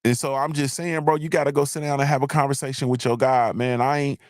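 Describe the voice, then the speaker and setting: A man's voice: mid-range voice, level tone, fast talker, no room sound, studio quality. A man hosting a live online show, ranting in a casual, profane, repetitive way. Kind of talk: casual comedic rant.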